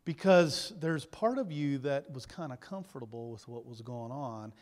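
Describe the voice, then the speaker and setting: A man preaching a sermon as pastor, lively, acting out people's doubts in quoted voices. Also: medium pitch, normal speed, hardly any pauses, in a large hall. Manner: animated, acts out inner doubts in quoted voices. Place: church sanctuary.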